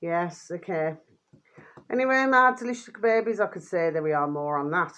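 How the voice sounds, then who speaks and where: A woman's voice: on the low side, fairly quick, a bit bright, clean tone. An older woman vlogging in a rambling casual monologue, full of fond pet names, fillers and trailing restarts.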